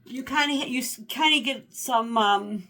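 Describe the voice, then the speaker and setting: A woman in her fifties chatting casually about her favorite books, rambling and animated, correcting herself as she goes. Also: a little high, a little slow. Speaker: book vlogger. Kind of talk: casual book review chat.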